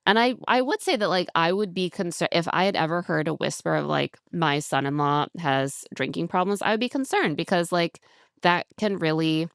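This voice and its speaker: A low-voiced woman with a gravelly, smooth edge to her speech, chatting on a podcast. She recaps a show in a lively, casual way, slipping into quoted voices. Her voice is close and dry, with no room sound. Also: brisk, no echo. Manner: chatty, animated retelling with quoted voices and laughs. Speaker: podcast co-host.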